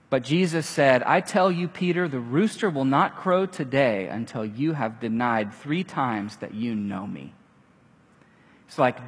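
A man preaching a sermon, animated, acting out the quoted lines with casual asides. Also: mid-range voice, unhurried, slightly rough. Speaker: pastor. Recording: long hall reverb.

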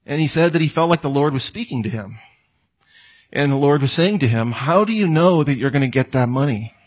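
A man's voice: mid-range voice, animated, a little fast, husky. A man preaching a sermon, telling stories and acting out the voices of the people in them. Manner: storytelling, acts out quoted voices. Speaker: pastor.

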